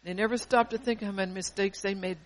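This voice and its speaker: A woman pastor preaching with fervor, her voice rising to loud peaks and sinking to near-whispers. Her pitch sits in an ordinary middle range. She often breaks off and restarts her phrases as she presses her points. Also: steady tone, quick pace, low-quality recording. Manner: fervent preaching that swells loud and drops soft, with many restarts. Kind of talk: sermon.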